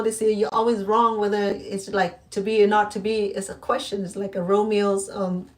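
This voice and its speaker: A middle-aged woman talking casually to camera about caring for an aging parent, halting and full of restarts and fillers. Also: mid-range voice, flat delivery, far from the mic. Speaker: cooking channel host. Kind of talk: casual personal talk to camera.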